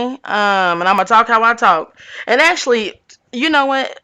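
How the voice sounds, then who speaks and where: Bright-voiced sassy woman recapping gossip. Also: medium pitch, lively intonation, normal speed, smooth. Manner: sassy, chatty, peppers talk with "okay"; speaks informally on her channel, by her own account. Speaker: tarot channel host. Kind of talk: casual gossip recap monologue.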